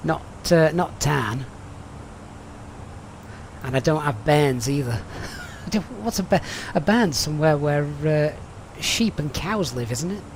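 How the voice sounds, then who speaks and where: A man's voice: on the high side, lively intonation, a little slow, slight background noise. A man with a Yorkshire accent chatting and joking with viewers while flying a simulator on a live stream. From Sheffield, England. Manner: chatty, jokey, reads out viewer messages. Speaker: flight sim streamer.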